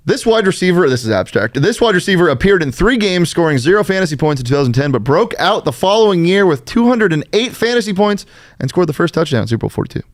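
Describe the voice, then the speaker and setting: A man's voice: high-pitched, fast, dry recording, clean studio sound. A man hosting a casual sports quiz game, reading clues aloud and teasing the players. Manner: lively, laughing, playful teasing.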